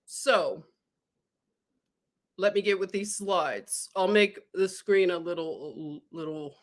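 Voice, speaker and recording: A woman's voice: on the low side, takes it slowly. A woman hosting a casual live stream, chatting with her viewers and often breaking into giggles.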